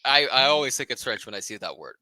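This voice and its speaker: A man's voice: medium pitch, very animated, quick pace, pushed and bright, dry recording. A man co-hosting a podcast book club, reading dense philosophy passages aloud and commenting on them casually, cursing and laughing at himself. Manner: reads passages then comments loosely, swears and laughs at himself.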